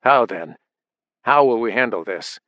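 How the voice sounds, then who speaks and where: A man's voice: medium pitch, animated, unhurried, sharp tone, no room sound. A man doing a tense, anxious young son.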